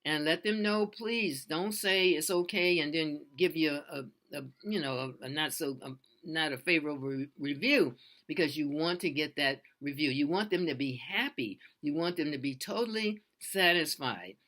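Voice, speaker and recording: Bright-voiced freelancer giving casual advice. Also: mid-range voice, normal speed. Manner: earnest, loose and repetitive, with many restarts. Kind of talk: casual how-to advice talk.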